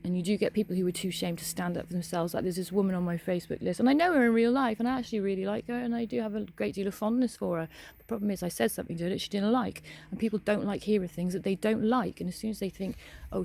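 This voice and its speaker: A woman's voice: medium pitch, fairly even intonation, racing, vocal fry, a little mellow, a little hiss or hum. A young woman ranting bluntly to camera, swearing often and speaking frankly. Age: young adult. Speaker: vlogger. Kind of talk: casual ranting monologue.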